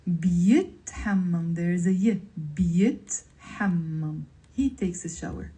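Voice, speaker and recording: A woman with a Lebanese accent teaching vocabulary on a livestream, pronouncing each word slowly and carefully, then repeating it. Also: on the low side, dark tone, rough recording. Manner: slow, careful word-by-word pronunciation drills.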